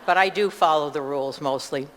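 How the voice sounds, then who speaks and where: A woman's voice: low-pitched, a little fast, long reverb tail, slight background noise. An older woman from upstate New York with that region's accent, giving a chatty, digressive personal testimony in church with many asides. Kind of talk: personal testimony, rambling storytelling.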